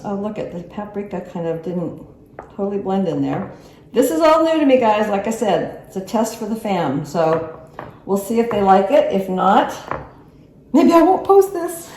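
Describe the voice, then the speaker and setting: A woman hosting her own home cooking vlog, talking her viewers through each step in a friendly, chatty way while she stirs and films with one hand on her phone. The kitchen rings with echo, and soft clinks of spoons and dishes sit behind her voice. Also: medium pitch, a little hiss or hum. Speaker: cooking channel host. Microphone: handheld phone camera. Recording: echoey kitchen, clattering dishes. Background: utensil and dish clatter.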